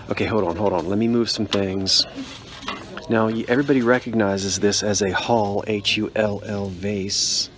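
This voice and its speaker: A middle-aged man vlogging his thrift hunting, chatty and quick to exclaim over each find. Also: on the low side. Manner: excitable, exclaims over finds, chatty asides. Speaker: antiques and vintage reseller. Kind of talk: casual thrifting vlog. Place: in a car and a thrift store.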